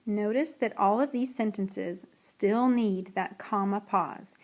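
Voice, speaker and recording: A woman teacher giving a recorded writing lesson, reading example sentences slowly and clearly. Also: medium pitch, a little mellow.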